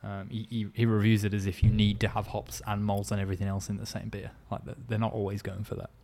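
Low-voiced man musing on a podcast. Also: flat delivery, fast, mellow. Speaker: podcast co-host. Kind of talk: casual chat.

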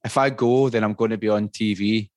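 A man hosting a podcast, chatty and joking in quick banter. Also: fairly low pitch, steady tone, darkish tone, no room sound, clean studio sound. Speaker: podcast host. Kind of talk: casual chat.

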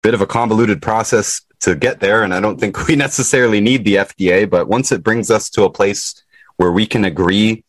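Male podcast host, low-pitched, lively delivery with frequent laughs, dry recording. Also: dry recording. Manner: animated, laughs often, quick bursts. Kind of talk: casual interview chat.

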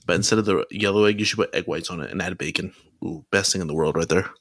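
Young male podcast co-host, lower register, dry close-mic sound, laughs easily and rambles. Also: fast talker, a bit bright, no room sound. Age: young adult. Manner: laughs often, rambling restarts. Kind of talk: casual chat. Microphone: home mic, remote call.

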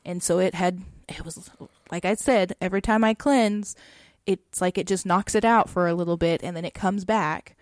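A woman co-hosting a podcast, telling a personal story in a casual, chatty way, often saying "like" with soft laughs. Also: lowish voice, moderate pace, no room sound, studio quality.

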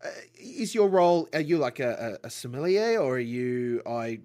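A podcast host chats with a guest and keeps the tone playful and joking. The voice sits at a middle pitch. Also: lively intonation, warm tone. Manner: playful and teasing, asks quick questions. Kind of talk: casual interview.

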